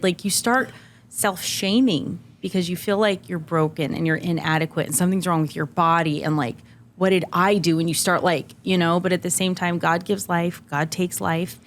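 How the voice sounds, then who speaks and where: A woman's voice: lowish voice, a little hiss or hum. A middle-aged woman telling a personal story on a podcast, earnest and emotional, often saying "like". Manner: earnest and emotional, heavy use of "like". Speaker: podcast guest. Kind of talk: candid conversational storytelling.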